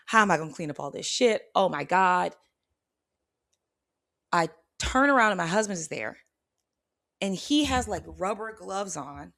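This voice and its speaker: A woman host telling a personal story with lively expression, often checking in with her listeners. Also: lowish voice. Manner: expressive, checks in with "okay?" and "right?", acts out her own reactions. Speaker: spiritual channel host.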